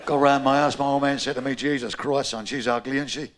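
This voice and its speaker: A man with a London Cockney accent doing a bawdy live stand-up routine, with a gravelly voice and punchy, brash delivery. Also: mid-range voice, fairly even intonation, fast talker. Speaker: stand-up comedian. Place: comedy club stage. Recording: live club recording with crowd. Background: audience murmur and laughter.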